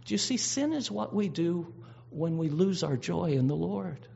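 A man's voice: on the high side, animated, normal speed, vocal fry, warm tone. A man preaching a sermon, earnest and emphatic, drawing out key words and often restarting his phrases. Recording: dull lo-fi recording.

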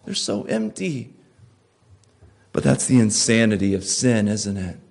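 Gravelly man preaching with pleading emphasis. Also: lowish voice, measured pace. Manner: pleading, emphatic preaching with wide swings in loudness. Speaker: pastor. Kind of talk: sermon.

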